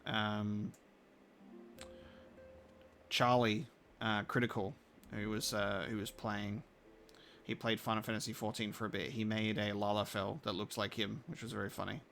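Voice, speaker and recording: A man's voice: lowish voice, flat delivery, a little slow, vocal fry, long pauses, fairly bright tone. A man with a blend of Australian and British accent, chatting casually while live-streaming a game and reacting to chat. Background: faint game music.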